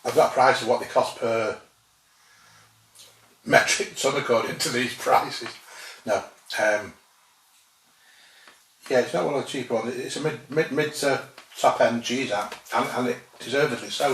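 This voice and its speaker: A man's voice: medium pitch, normal speed, long pauses, a bit bright. Man chatting from across a roomy space. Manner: chatty, dry humour, musing aloud. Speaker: food vlogger tasting cheeses. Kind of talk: casual tasting commentary. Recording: roomy sound, distant from mic, faint noise.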